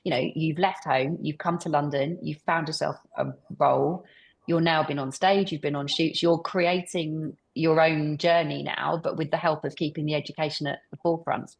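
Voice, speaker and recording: A woman's voice: deep voice, steady tone, normal speed, creaky. A woman hosting a panel discussion, encouraging her guests and thinking aloud with a few restarts. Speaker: panel host.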